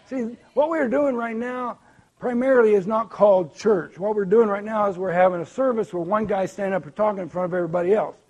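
A man preaching a sermon to a congregation, conversational, swinging between emphatic points and quiet asides. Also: sits high. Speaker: pastor. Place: church hall before a congregation.

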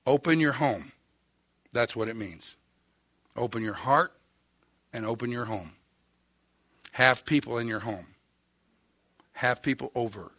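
A man's voice: medium pitch, a little slow, long pauses, fairly bright tone, no room sound, studio quality. An older man with an Oklahoma accent preaching a sermon, telling a story in a folksy, wry, self-mocking way. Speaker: pastor.

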